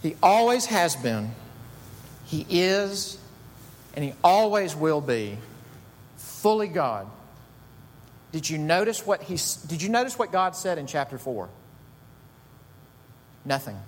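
A man preaching a sermon as pastor, emphatic, rising to high bursts on key words. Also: very animated, takes it slowly, long pauses, long reverb tail.

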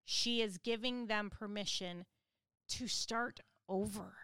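Smooth-voiced woman teaching the Bible. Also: medium pitch, slow pace, pushed and bright, no echo.

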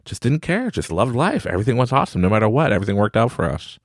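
A man's voice: mid-range voice, very animated, very fast, dry recording, studio quality. A man in his forties hosting a podcast, giving a rambling, upbeat motivational talk and laughing often. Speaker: podcast host.

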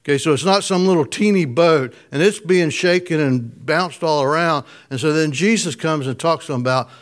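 A man's voice: a little high, normal speed. A man preaching a casual, conversational sermon, chuckling often and putting questions to his listeners. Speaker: pastor.

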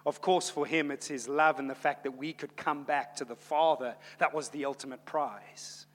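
A man preaching a sermon as pastor, shifting between quiet and loud, exclaimed passages. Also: on the high side, fairly even intonation, moderate pace. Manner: dynamic preaching, swings from soft to loud. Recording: long hall reverb.

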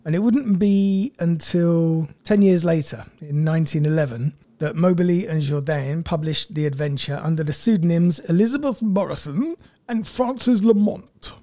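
A man's voice: a little high, steady tone, moderate pace, few pauses, warm tone, dry recording. A man, co-hosting a podcast and telling a history story in a wry, jokey way from his notes. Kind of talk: casual storytelling chat.

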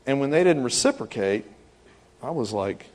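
At a normal speed and in a mid-range voice, a middle-aged pastor gives a sermon packed with animated stories. He acts out the people in them, giving each a voice.

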